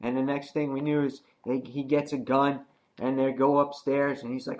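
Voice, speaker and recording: A man's voice: mid-range voice, little pitch movement, moderate pace, highs cut off. Casual rambling male comic reviewer. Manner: rambling, with many fillers and restarts.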